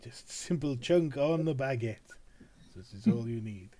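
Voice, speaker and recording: A man's voice: mid-range voice, animated, measured pace, mellow, no room sound, lightly acted. A man voicing a snobbish, well-travelled French male noble who speaks in a haughty way.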